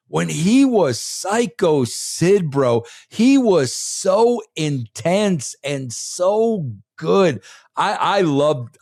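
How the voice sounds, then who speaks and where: Emphatic rambling man, bright and dry. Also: a little high, dry recording. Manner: emphatic, rambling, says "bro" constantly. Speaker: former wrestling head writer, guest. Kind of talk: casual podcast interview.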